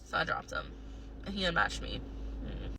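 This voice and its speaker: A woman telling a dating story to camera in a sassy, animated, self-mocking way. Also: on the low side, normal speed, a little hiss or hum.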